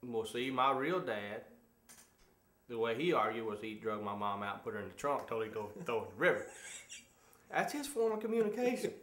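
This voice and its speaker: An easygoing man co-hosting a chat show who tells stories in a relaxed way. His voice sits at an ordinary pitch. The sound carries an echo from the room. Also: a little fast. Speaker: co-host. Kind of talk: casual chat.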